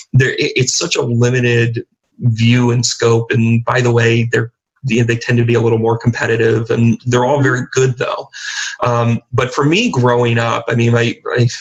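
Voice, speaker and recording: A man's voice: medium pitch, flat delivery, normal speed, highs cut off. Rambling middle-aged man on a talk show. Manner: rambling, many restarts and fillers. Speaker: guest. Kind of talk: casual interview talk.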